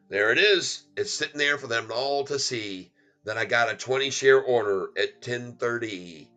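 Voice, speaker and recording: A man in a casual live trading stream who speaks slowly and lingers over every word. His voice is bright and tense, and he keeps laughing and chanting silly rhymes. Soft music runs under him. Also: medium pitch, lo-fi sound. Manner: playful, laughs often, chants goofy rhymes.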